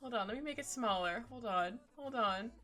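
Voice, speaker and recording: A woman chatting casually with her stream while she draws, rambling, giggly and easily excited. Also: a little high, moderate pace. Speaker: streaming artist.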